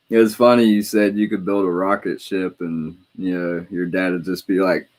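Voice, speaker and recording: A man with a very deep voice talks in a relaxed, rambling way, with a lot of swearing in his stories. He speaks in plain casual conversation. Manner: rambling, profane, laid-back storytelling. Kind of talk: casual chat.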